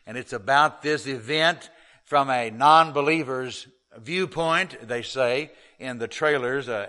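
A middle-aged man preaches to his congregation in an earnest, measured way. He takes his time and leans on each line of scripture. His voice is bright and forward, and his pitch sits in a normal middle range. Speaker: pastor. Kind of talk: sermon.

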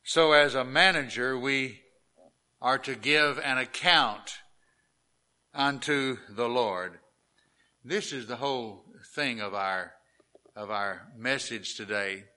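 A man preaching a sermon as pastor, reading scripture aloud and explaining it with slow, emphatic delivery. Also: medium pitch, sharp tone.

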